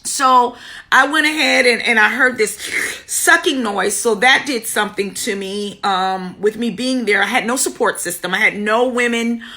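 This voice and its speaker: Middle-aged woman, high and bright, personal and earnest, teaches and testifies to a live audience. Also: normal speed. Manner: personal, greets viewers by name mid-story; earnest, repeats key words for emphasis. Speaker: womb healing teacher.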